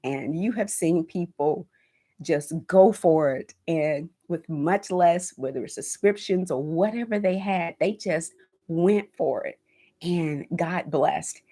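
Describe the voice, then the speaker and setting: A woman's voice: fairly low pitch, takes it slowly. A woman in her fifties hosting a home decor channel, chatting casually on a livestream, emotional and encouraging, speaking of her faith and thanking viewers by name. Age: 50s. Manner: warm, emotional, reads viewer comments; faith-filled encouraging talk.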